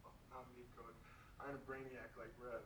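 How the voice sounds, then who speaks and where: An actor playing an eager teenage male football player who shouts his answers drill-style. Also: mid-range voice, flat delivery, fairly quick, distant mic, noisy background, lightly acted. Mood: relaxed. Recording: roomy film audio heard from afar.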